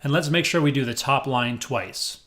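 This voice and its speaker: A man's voice: medium pitch, moderate pace, a bit bright. A man teaching a music rhythm lesson, upbeat and self-described as corny, counting along with his students. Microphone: headphones on.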